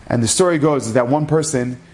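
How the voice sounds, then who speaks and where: A man recounts a story in a casual spoken way. He grows animated and slips into the voices of his characters. His pitch sits in the ordinary middle range for a man. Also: a little fast. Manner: animated, acts out the characters' lines.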